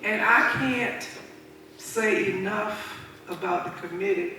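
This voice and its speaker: A woman's voice: medium pitch, slow, bright, forceful tone, slight background noise. A woman in her seventies giving a thank-you speech at her own birthday party, telling stories with frequent chuckles and restarts. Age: 70s. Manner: chuckling, loose speaker who restarts phrases. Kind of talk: warm, unscripted storytelling speech. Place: large event hall at a birthday party. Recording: echoey hall recorded from far off.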